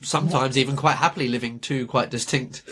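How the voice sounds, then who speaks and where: A man co-hosting a podcast, chatting in a gentle, amused way. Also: medium pitch, fairly even intonation, fairly quick. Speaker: podcast co-host. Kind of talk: casual chat.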